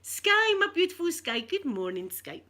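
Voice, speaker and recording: A woman's voice: extremely high pitch, very animated, moderate pace, sharp tone. A middle-aged Scottish woman chatting to her live-stream viewers, bawdy, flirtatious and full of stories. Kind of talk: casual live-stream chat.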